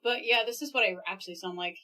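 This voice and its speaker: A woman chatting casually as a fellow vtuber. She gets excited easily and exclaims often. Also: mid-range voice, quick pace. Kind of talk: casual chat.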